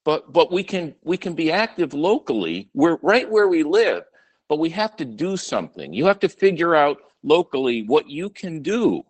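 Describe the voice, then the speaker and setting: A male guest talking earnestly in casual chat, with some hesitant pauses. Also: a little high, very animated.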